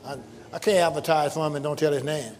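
A man preaching a sermon to his congregation, leading call-and-response lines and breaking into shouts, with folksy, joking asides. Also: on the high side, steady tone, fast, big-room sound, a little hiss or hum. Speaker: pastor. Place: church sanctuary.

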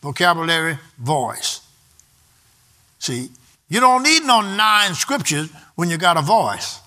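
A man's voice: a little high, very animated, takes it slowly, pushed and bright. A man preaching a sermon emphatically and calling out to the congregation for responses. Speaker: pastor.

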